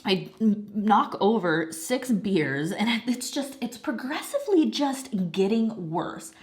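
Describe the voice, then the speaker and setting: A young adult woman chats casually over her craft project. She tells stories in an animated way, laughs often and swears now and then. Her voice is a little snuffly from a lingering cold. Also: medium pitch, takes it slowly. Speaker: craft channel host. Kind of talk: casual chat while diamond painting.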